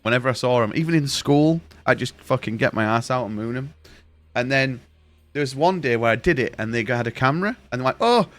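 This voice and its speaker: A man's voice: mid-range voice, brisk, a bit bright. A young man streaming a game, chatting casually and telling a rambling, sweary story. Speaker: gaming streamer. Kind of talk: casual chat while streaming.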